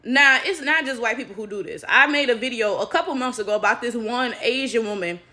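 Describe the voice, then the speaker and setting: Animated American woman vlogger, bright and slightly high voice, chatty straight-to-camera commentary. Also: fairly quick. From United States. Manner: animated, talks straight to viewers.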